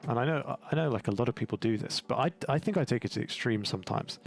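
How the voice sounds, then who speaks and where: A man's voice: mid-range voice, expressive, fast talker, creaky. A young English man with an English accent chatting in a rambling, self-mocking way while commentating his gameplay. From England. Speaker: gaming YouTuber. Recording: game music playing behind.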